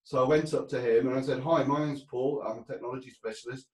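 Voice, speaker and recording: A man's voice: mid-range voice, steady tone, fast talker, darkish tone, reverberant, distant mic, poor audio. A man telling stories from his career in a casual interview, rambling, laughing often and restarting his sentences. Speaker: interview guest. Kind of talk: casual storytelling.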